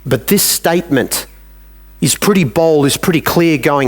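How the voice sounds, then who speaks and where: A man's voice: a little high, animated, a little slow. A man with an Australian accent preaching a sermon in a church, talking plainly and acting out little dialogues with God.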